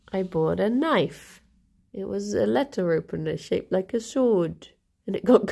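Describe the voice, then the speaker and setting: A woman's voice: medium pitch, creaky, a little mellow. A young woman chatting casually on a live stream at home, rambling with lots of restarts and giggles. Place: home, sat on the floor with pet rabbits.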